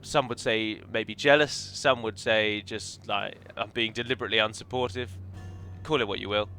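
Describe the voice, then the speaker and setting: Faint music runs beneath a man's lowish, sharp-toned voice as he chats at a moderate pace with fairly even intonation. He's a game modder and let's player, loosely commenting on his strategy game and wandering off into opinionated remarks about pronunciation.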